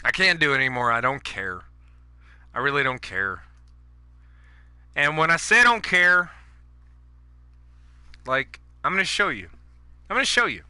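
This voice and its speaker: A man rants over his gameplay in a bright, piercing voice that sits on the higher side. He swears freely and talks straight at the viewer, and the sound is dry and close. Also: expressive, unhurried, pauses often, clear, resonant tone, no room sound. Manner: angry, profane ranting. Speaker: gaming YouTuber. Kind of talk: ranting gameplay commentary.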